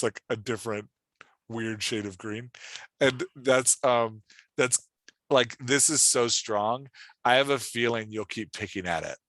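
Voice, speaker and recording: Man, host and writing coach, easygoing and encouraging, filler-heavy delivery, mid pitch, very dry close sound. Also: fairly bright tone, dry recording. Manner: loose and encouraging, full of "like" fillers. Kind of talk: casual feedback chat.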